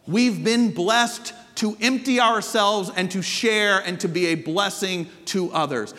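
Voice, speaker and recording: A man's voice: very high-pitched, fairly bright tone. A man preaching a sermon to a congregation in a conversational way, full of rhetorical questions. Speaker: pastor. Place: church hall with congregation. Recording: long hall reverb.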